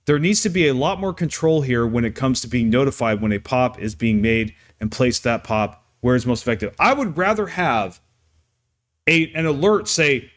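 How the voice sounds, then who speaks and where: A man talking off the cuff on his live stream, ranting and yelling at times, with many restarts and fillers. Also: mid-range voice, lively intonation, moderate pace.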